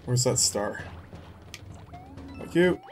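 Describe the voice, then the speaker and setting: A man's voice: medium pitch, expressive, slow. A young man giving casual, sarcastic let's play commentary with joking banter. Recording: faint game music behind.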